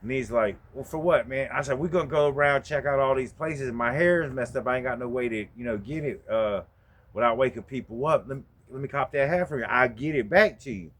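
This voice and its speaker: A man hosting a podcast, telling a story in a casual, profane way and getting animated as he acts out the exchanges. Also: medium pitch, fairly quick. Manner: profane, laid-back, animated when retelling. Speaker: podcast host.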